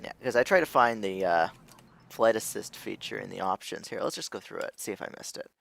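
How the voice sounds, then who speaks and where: A man's voice: fairly low pitch, expressive, a little fast, creaky, fairly bright tone. A young man giving casual, rambling let's-play commentary as a gaming video host, thinking aloud and restarting his sentences.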